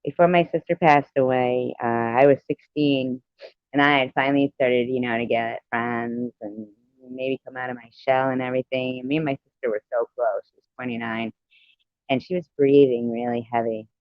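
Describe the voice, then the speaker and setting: A man's voice: medium pitch, fairly even intonation, moderate pace, no echo, dull audio. A man telling a personal story to viewers in a casual, rambling, heartfelt way, with many "you know" fillers.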